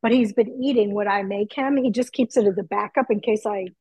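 A middle-aged woman chatting excitedly from her home kitchen over a video call, through earbuds. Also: medium pitch, brisk, slightly rough, no echo, poor audio. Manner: chatty, excitable, laughs easily. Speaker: guest.

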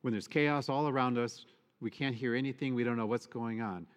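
A male priest giving a sermon, expressive and emphatic, often asking the congregation rhetorical questions. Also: medium pitch, brisk, clear, resonant tone. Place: church. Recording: long church reverb.

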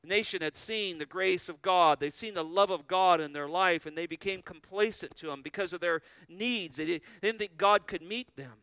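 A man's voice: sits high, normal speed, few pauses, sharp tone, clear, resonant tone, no room sound. A man preaching a sermon as pastor, earnest and full of rhetorical questions.

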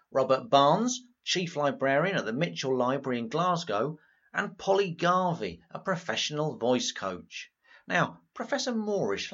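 An actor playing a jolly, easily flustered host chairing a studio panel. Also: male voice, fairly high pitch, highs cut off, heavily acted. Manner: jolly, flustered, lively intonation. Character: genial male radio host chairing a panel.

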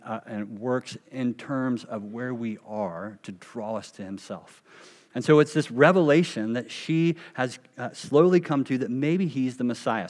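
A pastor delivers a sermon in a mid-range voice, leaning hard on key phrases, slowing them down and letting them drop almost to a hush. The long reverb of a church sanctuary carries his words.

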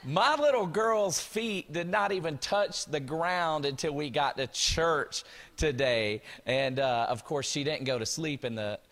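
A man's voice: mid-range voice, fairly bright tone. A man, a pastor joking with the congregation and telling a family story during church announcements. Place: large church hall. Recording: reverberant church hall with music.

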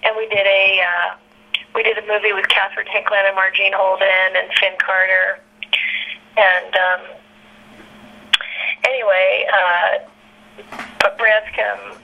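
An actress being interviewed, telling candid stories in a rambling, chatty way, full of fillers and laughter. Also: female voice, medium pitch, gravelly, highs cut off. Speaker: actress guest.

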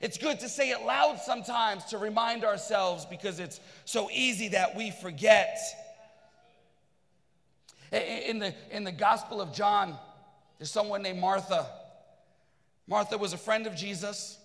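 A man preaching a sermon, fervent and repetitive, at times shouting. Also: high voice, measured pace, creaky, pauses often, in a large hall. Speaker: pastor.

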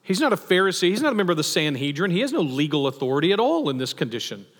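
Male preacher, slightly high voice, chatty emphatic sermon delivery, recorded with long reverb in a hall. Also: sing-song, very fast. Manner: conversational, with rhetorical questions and emphatic asides.

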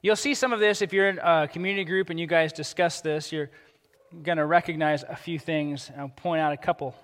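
Guy preaching a sermon, kinda high bright voice, lively, acts out the bits he quotes. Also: a little fast, in a large hall. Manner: animated, acts out quoted characters. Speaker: pastor.

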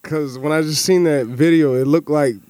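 Relaxed man making brief remarks. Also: a little high, normal speed, clear, resonant tone, no room sound. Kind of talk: casual chat.

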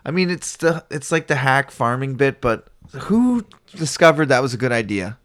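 A man's voice: mid-range voice, expressive, moderate pace, fairly bright tone. A man co-hosting a podcast in casual chat, explaining things and dropping wry quips.

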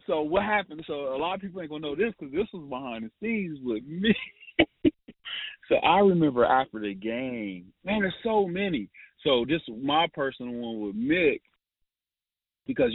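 A man's voice: fairly high pitch, very animated, a little slow, breathy edge, dry recording. A man, a former college player, tells stories as a guest, laughing often and restarting his sentences with many fillers. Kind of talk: casual storytelling. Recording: phone-like line.

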